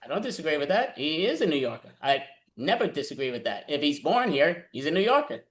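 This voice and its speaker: A man's voice: fairly high pitch, very animated, fast talker. A man from New City, hosting a casual, playful back-and-forth on a video call, often stumbling and restarting. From New York City. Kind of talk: casual chat.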